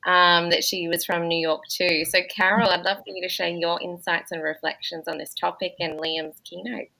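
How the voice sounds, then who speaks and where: A woman with a lower voice and a bright, forceful tone moderates a summit session over a video call. She affirms each speaker and invites others to share. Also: little pitch movement, normal speed, gravelly, poor audio. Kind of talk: moderating a panel.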